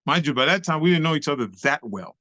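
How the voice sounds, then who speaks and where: An older man, an interview guest and nightclub dancer, telling a lively story full of slang and cursing. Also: a little high, fast, dry recording, highs cut off. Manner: lively, acts out other voices, street slang and cursing.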